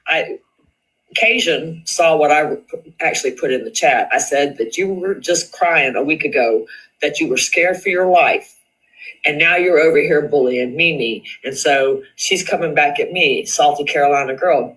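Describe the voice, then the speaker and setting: A man's voice: a little high, normal speed, sharp tone, low-quality recording. A man hosting a live stream, reading screenshots aloud and going over online drama in casual commentary, repeating questions for emphasis.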